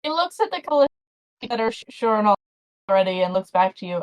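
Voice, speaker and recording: A woman's voice: medium pitch, big pitch swings, a little fast, low-quality recording. A woman running a tabletop game as game master, narrating casually and a little flustered.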